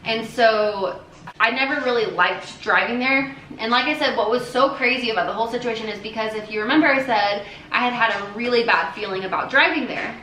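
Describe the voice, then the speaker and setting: Bright-voiced young woman telling a story. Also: fairly high pitch, brisk, slight background noise. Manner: earnest, many fillers and restarts. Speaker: family vlogger. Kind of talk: casual storytelling to camera. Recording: echoey room with faint ambience.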